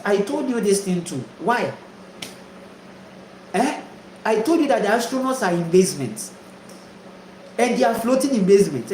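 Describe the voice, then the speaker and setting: A man's voice: high voice, darkish tone, roomy sound, a little hiss or hum, rough recording. A man from Ghana preaching a spiritual monologue, emphatic and repetitive, full of rhetorical questions. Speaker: spiritual teacher.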